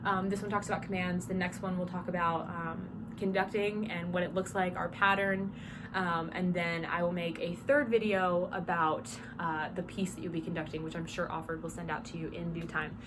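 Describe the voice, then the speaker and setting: A woman's voice: on the low side, flat delivery, normal speed. Chatty young Southern woman teaching in a small dorm room. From South Georgia, US. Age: young adult. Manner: chatty, with frequent "um" fillers and spoken demonstrations of commands. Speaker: drum major instructor. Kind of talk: casual instructional talk. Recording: small room with clear background noise.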